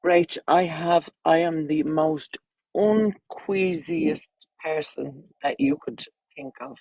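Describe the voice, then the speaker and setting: A woman's voice: sits low, slow, gravelly, darkish tone, no echo, poor audio. An Irish woman with children, chatting bluntly and crudely on a casual livestream, rambling from topic to topic. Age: adult, with children.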